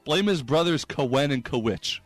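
A man hosting a comedy sports segment, delivering rapid jokes and laughing at his own punchlines. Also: on the high side, animated, soft background music.

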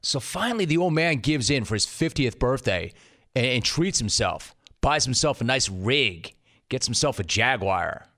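A middle-aged man hosts a sports radio show, ranting loudly and spinning stories with acted quotes. His voice sits at an ordinary male pitch. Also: expressive, moderate pace. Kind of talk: animated sports radio monologue and interview.

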